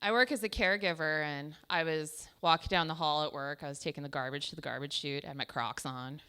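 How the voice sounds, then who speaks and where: A woman's voice: low-pitched, fairly even intonation, fairly quick, pushed and bright, smooth. A young adult woman telling self-deprecating stand-up stories in a chatty way, full of "like". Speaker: stand-up comedian. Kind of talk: stand-up comedy storytelling. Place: small comedy show stage.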